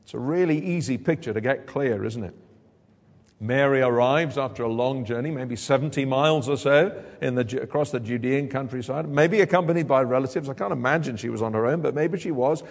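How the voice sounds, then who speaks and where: A man preaching an expository sermon in a church hall, animated and acting out quoted lines with big jumps in pitch. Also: brisk. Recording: long hall reverb.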